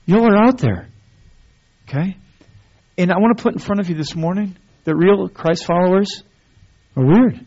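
A preacher giving a sermon in a church, his voice sitting a bit high with a husky edge. He talks conversationally, stumbling over restarts, then presses into emphatic runs. The recording sounds dull and lo-fi. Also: normal speed, long pauses, dark tone. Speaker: pastor. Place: church sanctuary.

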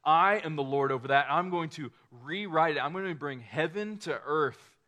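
A man's voice: a little high, normal speed, pushed and bright. Casual, conversational male preacher. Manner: casual, conversational preaching with restarts and acted-out quotes. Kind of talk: sermon.

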